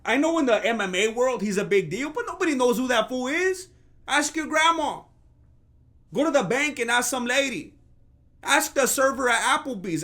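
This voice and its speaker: Host: man with a very high voice, sarcastic mock-outraged commentary. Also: expressive, normal speed, sharp tone. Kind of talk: comedic commentary rant.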